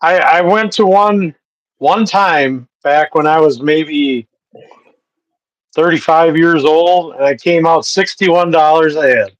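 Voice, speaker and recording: A man's voice: fairly high pitch, slow, no echo, muffled recording. A man co-hosting a casual chat, reacting briefly and telling plain short anecdotes. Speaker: co-host.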